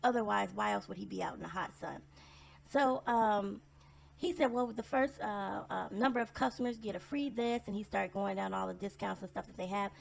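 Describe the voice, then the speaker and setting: Blunt, sarcastic woman with gravelly fry. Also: medium pitch, a little fast. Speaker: vlogger telling personal stories. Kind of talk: casual storytelling monologue.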